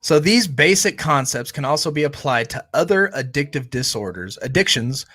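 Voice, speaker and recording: A man's voice: fairly high pitch, animated, normal speed, bright, forceful tone, husky. A man co-hosting a family recovery channel, chatting casually and often tagging his points with a questioning "right?". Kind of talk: casual chat.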